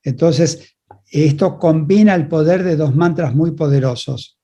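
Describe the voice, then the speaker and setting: A male interpreter with a mellow, somewhat high voice and a breathy edge gives consecutive interpretation of a spiritual talk. At a moderate pace, he relays each passage in short phrases and restarts now and then.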